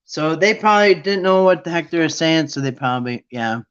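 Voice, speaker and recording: A man's voice: on the high side, expressive, a little fast, fairly bright tone, clean tone, muffled recording. A man hosting a Bible study talk, ranting with sarcasm in a rambling, casual monologue.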